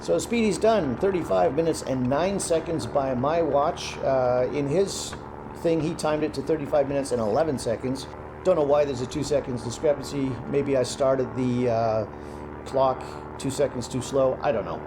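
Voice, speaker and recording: A young man giving relaxed, casual commentary over his own gameplay, thinking aloud as he plays. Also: medium pitch, moderate pace, noisy background. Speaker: gaming commentator.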